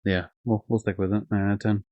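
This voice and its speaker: A young man streams live in a lowish, fairly flat voice, talking fast and rambling casually through game ratings. He fills his speech with fillers, swearing and self-corrections. The audio is dull, lo-fi and dry, with no echo.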